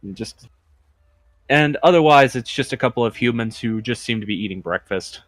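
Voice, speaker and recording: A man narrating as game master in a relaxed, chatty way full of fillers. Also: mid-range voice, normal speed, no room sound.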